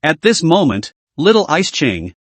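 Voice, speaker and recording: A man's voice: a little high, sing-song, unhurried, dry recording. A man narrating a comic recap in a scripted style, reading out stat lists in short clipped phrases.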